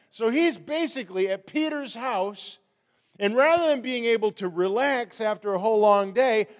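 A man preaches to his congregation, talking through the story in a loose, conversational way that turns animated. His voice sits fairly high for a man, and it rings out with the long reverb of a large church hall. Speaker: pastor. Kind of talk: sermon.

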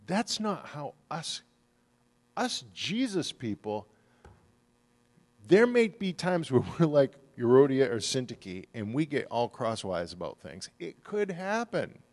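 A middle-aged man preaching from the pulpit with an easy, chatty delivery. His voice sits at an ordinary middle pitch, and he slips into the voices of the people in his stories. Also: big pitch swings, slow, darkish tone. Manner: conversational storytelling, acts out quoted people. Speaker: pastor. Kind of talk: sermon.

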